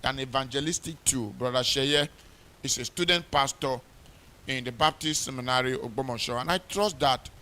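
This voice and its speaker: Pastor preaching with rising force. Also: male voice, medium pitch, brisk, bright, forceful tone. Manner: emphatic preaching, reads scripture aloud with rising force; repeats words for emphasis, many "uh" fillers. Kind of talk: wedding sermon. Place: church.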